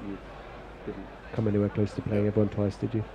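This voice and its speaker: A man's voice: on the low side, completely flat delivery, fast, dull audio, background noise. A man co-commentating on cricket in a chatty, rambling way, telling anecdotes and reading out listener tweets.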